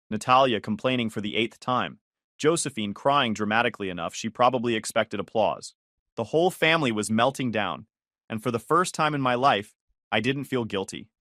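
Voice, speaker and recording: A man narrating a first-person drama story with sardonic, deadpan asides. His pitch moves in a lively way, and the recording is dry and close with no room at all. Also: no room sound.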